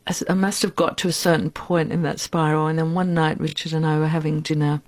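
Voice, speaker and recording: A woman in her sixties, an interview guest telling her life story in a frank, reflective and unhurried way. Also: sits low, little pitch movement. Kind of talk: candid personal storytelling.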